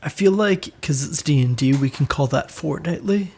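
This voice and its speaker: A man hosting a podcast interview, asking relaxed, wry questions. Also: fairly high pitch, normal speed, slight background noise. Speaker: podcast host. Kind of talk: casual interview chat.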